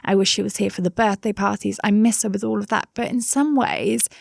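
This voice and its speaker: A woman's voice: mid-range voice, steady tone, a little fast, creaky, no echo, clean studio sound. A woman in her thirties with a Somerset English accent, chatting casually as an interview guest, with many fillers and asides. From England.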